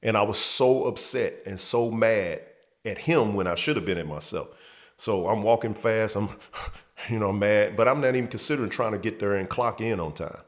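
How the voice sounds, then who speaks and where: A man's voice: fairly low pitch, normal speed. A man hosting his show, telling a personal story in casual talk, repeating words and acting out quotes. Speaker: host.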